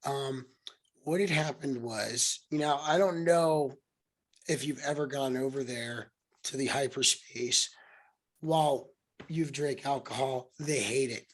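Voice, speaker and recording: A young adult man hosting a podcast, telling a story in casual conversation and acting out quotes with sudden jumps in pitch and volume. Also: takes it slowly. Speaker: podcast host.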